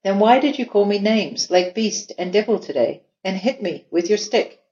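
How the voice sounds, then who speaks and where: A woman voicing a big, strong, gentle male ox in a storybook reading. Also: mid-range voice, normal speed, natural voice. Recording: echoey room, dull lo-fi sound.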